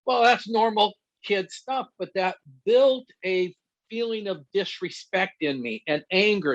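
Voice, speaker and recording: A middle-aged man, a guest pastor and counselor, teaching conversationally through personal stories and laughing at himself. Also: sits high. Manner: animated storyteller who laughs at himself. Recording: dull lo-fi dry sound.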